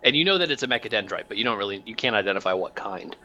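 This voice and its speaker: A man's voice: fairly low pitch, lively intonation, racing, bright, forceful tone. A man narrating a tabletop role-playing game as game master, rambling with many fillers.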